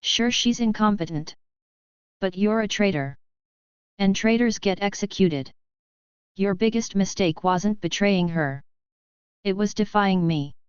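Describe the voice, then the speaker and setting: A woman voicing a cold, ruthless male Sith lord in a storybook reading, speaking low with an icy calm. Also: unhurried, pauses often, smooth, no echo, lightly acted. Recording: slightly dull, dry sound.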